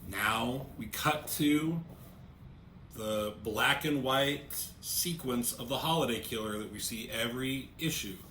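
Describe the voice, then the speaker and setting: A man with a bright, forward voice talks casually through a comic book page by page and reads the panel lines out loud, stumbling over his openings. his voice rings around a roomy space with a faint hum of background noise. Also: mid-range voice, takes it slowly. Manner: hesitant, repeats words when starting thoughts. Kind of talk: casual review walkthrough.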